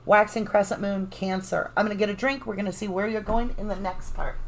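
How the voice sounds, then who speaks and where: A woman's voice: mid-range voice, fairly quick, hardly any pauses, a little hiss or hum, poor audio. Chatty Southern woman reading tarot. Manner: chatty, affectionate, greets viewers by name; energetic cheerleading. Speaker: tarot reader. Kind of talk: live tarot reading chat.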